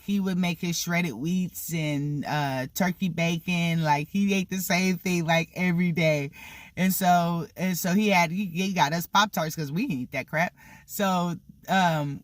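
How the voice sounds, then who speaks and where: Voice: mid-range voice, no room sound, studio quality. An adult vlogger telling a childhood story casually, rambling with lots of fillers and laughing now and then. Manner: rambling, many "like" and "you know" fillers.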